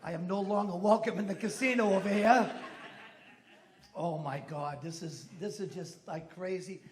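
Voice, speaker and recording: A man's voice: high-pitched, moderate pace. A middle-aged man doing a stand-up routine, telling punchy stories with sudden exclamations and swearing. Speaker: stand-up comedian. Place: comedy club stage.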